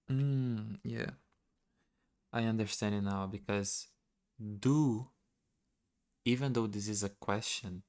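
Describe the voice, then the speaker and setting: A man streaming his German practice live, thinking aloud, sounding out German words haltingly and correcting himself. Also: on the low side, darkish tone.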